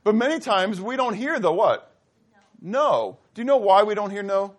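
A man's voice: very animated, normal speed. Man preaching with a conversational lilt. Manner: conversational preacher asking the congregation questions; acts out dialogue, voice dropping low and soft. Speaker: pastor. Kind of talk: sermon.

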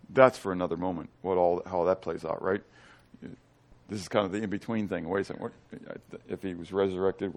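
Animated man preaching a sermon. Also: mid-range voice. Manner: animated, asks the congregation questions; swings from loud to hushed. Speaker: pastor.

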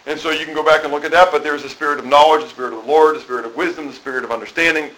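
A man's voice: a little high, steady tone, rapid-fire, fairly bright tone, rough recording. A middle-aged man preaching a sermon in a conversational way, asking the congregation questions and often repeating and restarting phrases. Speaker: pastor.

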